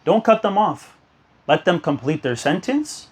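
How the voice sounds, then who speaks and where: A man's voice: high voice, very animated, measured pace, slightly rough. Earnest young man preaching to youth. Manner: earnest, exhortative, storytelling. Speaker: youth speaker. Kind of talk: sermon to youth.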